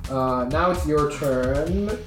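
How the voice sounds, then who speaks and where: A man's voice: a little high, slow pace, music in the background. A man running a tabletop game as game master, rambling through his narration with many fillers. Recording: echoey room.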